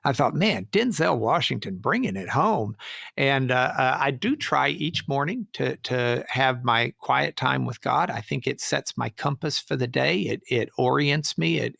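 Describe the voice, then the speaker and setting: A man's voice: medium pitch, vocal fry, dry recording, clean studio sound. A middle-aged man, a trial lawyer, telling stories in an interview and acting out the people he quotes. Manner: animated storyteller, acts out quoted voices. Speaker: trial lawyer, podcast guest. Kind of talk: storytelling interview answer.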